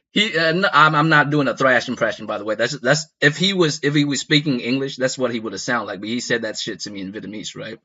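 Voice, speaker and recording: Bright-voiced man telling a rambling story. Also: medium pitch, fairly quick, dull audio. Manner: rambling, profane, laughs at his own story. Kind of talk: casual comedic storytelling.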